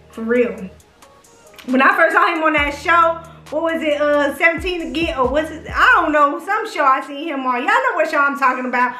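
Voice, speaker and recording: A woman's voice: high-pitched, bright, forceful tone. A young woman, chatting on a vlog about who she would date, gushing and profane as she teases her viewers. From Houston, Texas. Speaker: vlogger. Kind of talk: casual chat, smash-or-pass reactions. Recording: echoey room, faint music.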